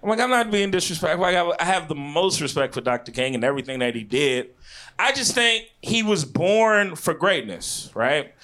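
A high, bright-voiced young man from Chicago with a Midwestern accent, working a comedy club crowd. His pitch swings wildly as he builds to shouted punchlines, full of slang and asides. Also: big pitch swings, moderate pace. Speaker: stand-up comedian. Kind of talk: stand-up comedy set.

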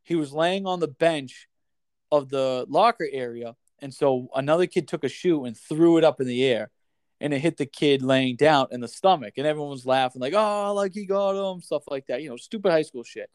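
A man telling a rambling, animated story in casual podcast chat, swearing freely and saying "like" and "dude" a lot. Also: mid-range voice, brisk, no room sound.

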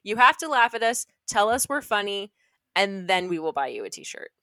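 Bright, giggly young woman podcaster. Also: mid-range voice, moderate pace, dry recording, clean studio sound. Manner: giggly, animated, rambling. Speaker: podcast co-host. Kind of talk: casual chat.

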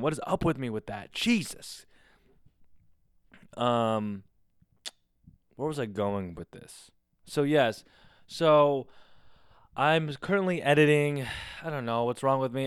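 A man hosting his own podcast alone, chatting casually in a rambling, excitable way with a lot of swearing. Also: mid-range voice, smooth, dry recording, clean studio sound. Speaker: podcast host. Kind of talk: casual solo podcast chat. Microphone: close studio mic on camera.

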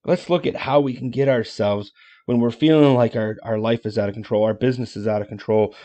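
A man hosting a motivational podcast, talking in a casual, energetic way with folksy asides. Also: medium pitch, a little fast. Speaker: podcast host.

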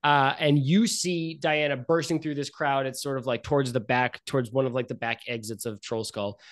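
Guy running a tabletop game, casual rambly narration, lots of likes and uhs, middle pitch. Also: fairly even intonation, moderate pace. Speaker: game master.

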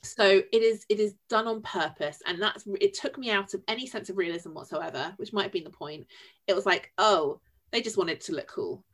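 A woman with a Yorkshire accent talks through a film in casual podcast chat. She is animated and expressive, with wry asides and a voice at an ordinary middle pitch. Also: fairly quick. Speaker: podcast co-host.

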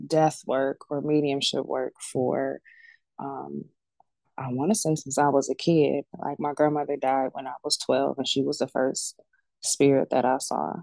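A woman's voice: sits low, creaky, warm tone, no room sound. A woman working as a death doula and medium, speaking candidly and colloquially as a podcast guest, acting out the voices in her stories. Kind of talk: casual heartfelt interview talk.

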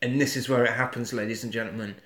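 A man's voice: mid-range voice, quick pace, roomy sound. A man, casually retelling a film plot and swearing, putting on silly voices as he goes. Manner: animated storyteller, swears, puts on silly voices. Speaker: podcast co-host.

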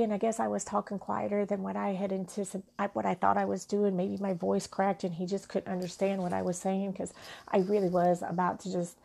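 A woman's voice: medium pitch, level tone, fairly quick, gravelly, warm tone. A woman vlogger telling a personal story in an earnest, heartfelt way, with restarts.

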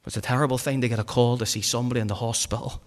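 A man preaching a sermon, fervent, swinging from loud exhortation to hushed pleading. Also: mid-range voice, steady tone, very fast. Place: church hall. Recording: hall reverb.

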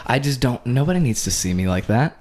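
A man's voice: mid-range voice, lively intonation, brisk, heavy background noise. A young man co-hosting a casual podcast chat, goofy and laughing often as he runs through his bits. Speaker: podcast co-host.

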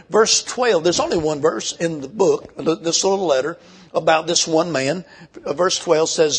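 Husky older preacher. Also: male voice, on the high side. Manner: folksy, emphatic, slows for scripture. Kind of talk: sermon.

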